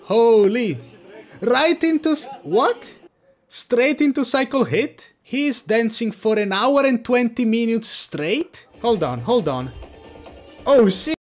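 A man streaming live reaction commentary, excitable, swinging from hype shouts to low mutters. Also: slow, faint music behind.

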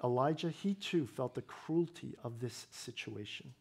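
A man's voice: medium pitch, lively intonation, unhurried, vocal fry, breathy edge. A male pastor preaching a sermon, explaining scripture in a conversational way with wry humor.

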